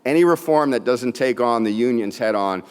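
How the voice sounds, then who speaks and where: A man's voice: mid-range voice, lively intonation, normal speed, clean tone. A man giving a panel talk, emphatic and conversational. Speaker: panel speaker. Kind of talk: lecture talk. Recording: reverberant conference hall.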